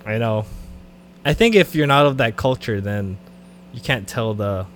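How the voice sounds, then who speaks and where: A man co-hosting a podcast in casual banter, joking and quick to laugh. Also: medium pitch, a little hiss or hum. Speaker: podcast co-host.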